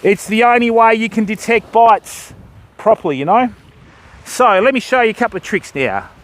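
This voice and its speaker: Rigging and casting on a beach beside the surf, an older Australian man chats casually on his fishing livestream, hailing viewers as mate and bud. He has a high, expressive voice and talks at normal speed.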